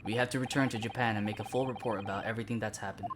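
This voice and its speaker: A woman's voice: extremely low pitch, steady tone, racing, heavy background noise. A woman doing a grave, stiff police inspector. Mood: formal. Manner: grave, formal. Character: stern, formal older male police inspector. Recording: voice over loud game music.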